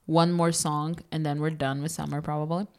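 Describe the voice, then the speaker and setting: Lady cohost on a podcast, chatty and jokey, kinda low voice. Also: little pitch movement, a little fast, clean tone. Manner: chatty, joking. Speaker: podcast co-host. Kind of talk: casual chat. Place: Berlin.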